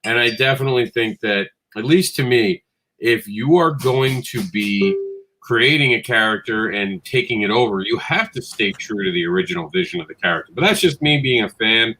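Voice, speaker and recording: A man with a bright, forceful voice talks about comics like an eager fan, pushing back playfully and teasing. There is faint room noise behind him. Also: lowish voice, animated, moderate pace, poor audio. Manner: enthusiastic, playfully argumentative fan. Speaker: podcast co-host. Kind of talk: casual discussion.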